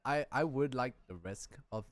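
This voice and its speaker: A man's voice: medium pitch, lively intonation, moderate pace, no room sound. Rambling casual podcast host, man. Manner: rambling, repeats words, swears, laughs often. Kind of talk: casual chat.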